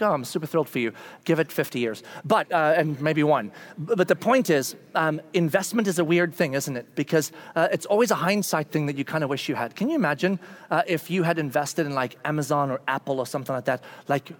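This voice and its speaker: A man preaching a casual, conversational sermon, acting out quotes with big jumps in his voice. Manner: animated, acts out voices with big pitch jumps; casual and conversational, with fillers and restarts. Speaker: pastor.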